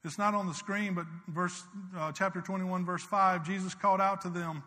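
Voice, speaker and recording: A man preaching a sermon as pastor. He rises to loud, urgent swells and drops to quiet, intimate passages. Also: high-pitched, steady tone, moderate pace. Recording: long hall reverb.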